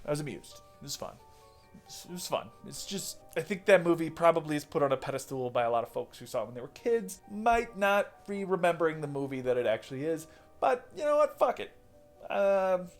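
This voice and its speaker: A man casually reviewing horror movies, rambling, swearing and correcting himself as he goes. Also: fairly high pitch. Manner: rambling, profane, self-correcting.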